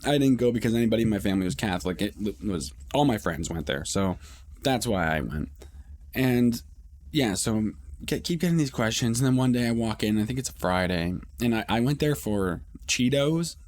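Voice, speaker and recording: A man's voice: on the low side, lively intonation, brisk, darkish tone, a little hiss or hum. A man hosting a podcast, telling a story in a loose, profane, rambling way with many restarts. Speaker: podcast host. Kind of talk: casual storytelling.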